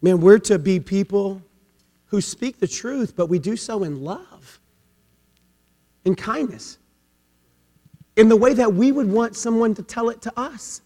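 Pastor, male, very high voice, dynamic swings from loud to hushed, long hall reverb. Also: a little slow, pauses often. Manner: swings between loud emphatic peaks and hushed low passages; repeats "man" as a filler. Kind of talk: sermon.

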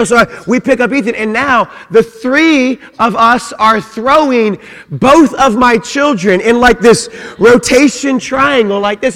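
A man's voice: very high voice, a bit bright. A middle-aged man preaching a sermon, emphatic and repetitive, often saying "man". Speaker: pastor. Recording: long reverb of a large hall.

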